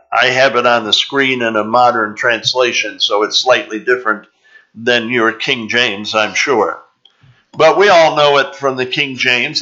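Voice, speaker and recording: A man preaching a sermon in a church, teaching slowly and deliberately and drawing out the scripture he reads aloud. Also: mid-range voice, pushed and bright. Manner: slow, deliberate preaching with drawn-out scripture reading. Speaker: pastor. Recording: dull, slightly lo-fi sound.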